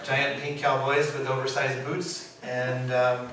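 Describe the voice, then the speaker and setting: A man who works as a puppeteer, giving an informal, animated storytelling talk and laughing often as he acts out quotes. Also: medium pitch, takes it slowly. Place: presentation room. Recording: echoey room, mic far, background noise.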